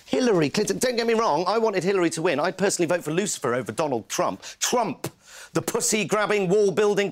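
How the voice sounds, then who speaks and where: An actor playing a furious, foul-mouthed news reporter in a comedy sketch, ranting to colleagues. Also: male voice, high voice. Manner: swearing angry rant to colleagues.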